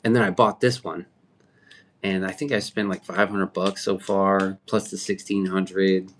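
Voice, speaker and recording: Brief: male streamer, low voice, profane rambling chat, reacting to the comments. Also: little pitch movement, a little slow, a little hiss or hum. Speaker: livestream host. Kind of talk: casual livestream chat.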